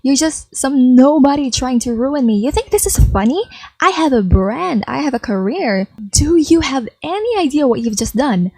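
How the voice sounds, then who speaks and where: A woman's voice: high-pitched, animated, normal speed, warm tone, a little hiss or hum. A woman voicing an arrogant young male celebrity who answers defensively and indignantly.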